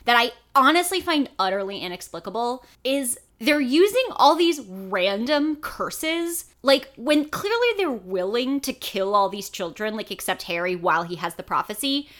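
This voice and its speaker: A woman's voice: on the high side, big pitch swings, normal speed, hardly any pauses, fairly bright tone. A woman co-hosting a podcast in casual chat, sarcastic and swearing, with exasperated asides. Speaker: podcast co-host.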